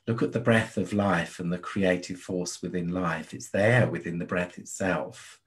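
A man from the UK speaks as an interview guest in a very deep voice. He talks softly and soothingly and keeps adding "you see". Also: steady tone, normal speed. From United Kingdom. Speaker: guest, spirit medium. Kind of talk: casual interview chat.

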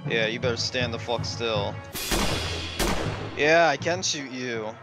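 A young man commenting on his own horror game playthrough, excitable and full of swearing, rambling as he reacts. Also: mid-range voice, slow, over loud music. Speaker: gaming channel host. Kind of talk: let's play commentary.

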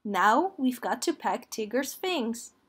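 A woman's voice: on the high side, big pitch swings, slow pace, a bit bright, slightly rough, exaggerated voice. Rabbit, a woman doing a bossy fussy rabbit.

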